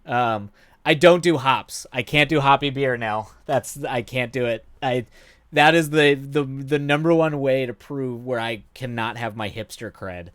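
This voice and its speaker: At a measured pace, a man in his thirties with a medium-pitched, fairly bright voice livestreams a game from home at night. He chats casually with viewers in a rambling, self-deprecating way, with lots of fillers and idle humming.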